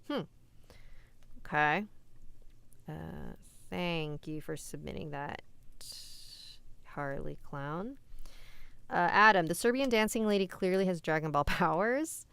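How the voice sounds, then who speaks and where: A woman's voice: lowish voice, slow, creaky, long pauses, a bit bright, clean tone, dry recording. A young woman hosting a live stream where she reads scary stories and then chats casually with viewers, laughing easily. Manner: casual, chatty and easily amused while answering chat. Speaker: host reading scary stories. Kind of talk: live-stream story reading and chat replies. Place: indoors.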